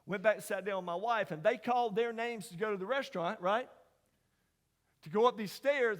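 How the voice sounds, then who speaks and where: A middle-aged man telling a personal story as a sermon, folksy and dramatic, dropping to hushed asides and rising to loud emphasis. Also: sits high, brisk. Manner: folksy, dramatic storyteller, drops to whispers and rises to near shouts. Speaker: chapel speaker. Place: large university chapel. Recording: long hall reverb.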